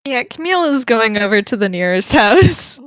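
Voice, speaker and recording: Giggly woman player with a higher voice. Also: very animated, normal speed, a bit bright, no room sound. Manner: laughs often, describes actions in third person. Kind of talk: playing a tabletop game, describing her character.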